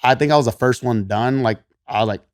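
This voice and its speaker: A man with a Texan twang, medium-pitched and brisk, casually tells a story as a guest on a podcast. He's a gym coach who laughs often, swears, and quotes himself in animated voices. The audio is studio quality with no echo.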